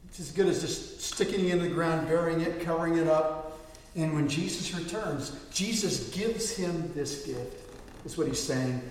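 Male pastor, high voice, dramatic storyteller, booming hall, mic at a distance. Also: moderate pace, a little hiss or hum. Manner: dramatic storytelling, swinging between soft and loud. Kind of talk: sermon. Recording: echoey hall from far off.

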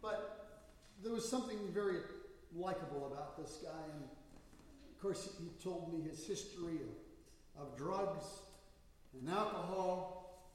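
Male pastor, high voice, storytelling sermon, recorded from far off in a church with a long reverb. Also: measured pace, long pauses. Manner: storytelling, animated quoting of people. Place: church sanctuary. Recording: echoey hall, voice from far off.

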